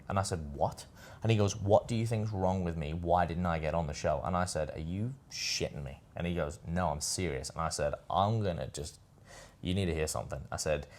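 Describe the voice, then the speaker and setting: A man's voice: low voice, darkish tone. A man hosting a podcast, telling a loose, rambling story full of "anyway" and "I said" in casual chat. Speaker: podcast host.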